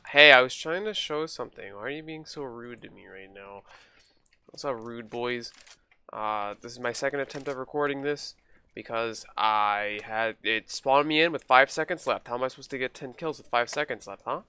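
A man's voice: medium pitch, normal speed, pushed and bright, smooth. A man hosting a gaming video, joking and trash-talking in casual commentary while he plays. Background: game gunfire and keyboard clicks.

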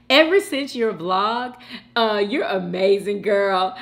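A woman from Houston, hosting a mukbang and chatting warmly and emotionally with viewers in the chat. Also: mid-range voice, animated, slow, pauses often, slight background noise. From Houston, Texas. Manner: chatty and emotional, calls viewers girl and sis. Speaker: mukbang host reading live chat. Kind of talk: casual chat.

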